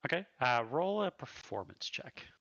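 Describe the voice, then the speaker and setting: A man's voice: medium pitch, sing-song, normal speed, vocal fry, a bit bright, no echo, muffled recording. A man running a tabletop game as game master, with a hesitant way of talking and many fillers.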